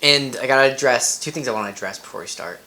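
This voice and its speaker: A young man joking around as a podcast guest, quick to laugh and tease. His voice sits at an average pitch. A faint hiss runs under the recording. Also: pushed and bright. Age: young adult. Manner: playful, joking, laughs often. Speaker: guest voice actor. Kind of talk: casual podcast chat.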